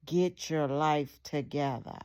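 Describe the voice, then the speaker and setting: A woman's voice: very deep voice, steady tone, slow pace, vocal fry, exaggerated voice. A woman reading the lines of a hurt, fed-up wife who pleads with and scolds her husband, in a read-aloud story. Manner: pleading then scolding forcefully.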